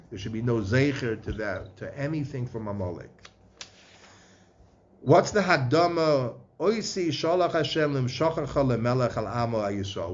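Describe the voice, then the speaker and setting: Man giving a lecture. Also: medium pitch. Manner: mixes Hebrew and Yiddish-inflected terms into English, chanting verses. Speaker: Torah lecturer. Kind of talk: Torah lecture. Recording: slightly muffled with faint background noise.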